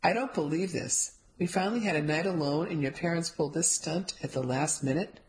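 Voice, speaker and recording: A woman's voice: deep voice, brisk, natural voice, low-quality recording. A woman reading a grumbling young husband. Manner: grumbling, exasperated. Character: grumbling young husband, grudging but affectionate.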